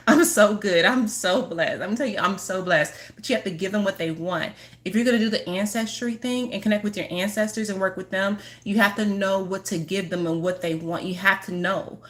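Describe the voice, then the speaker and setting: A woman spiritual healer talking casually to her viewers, rambling, restarting sentences and laughing often. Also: medium pitch. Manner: apologetic giggling asides. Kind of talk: casual chat to camera.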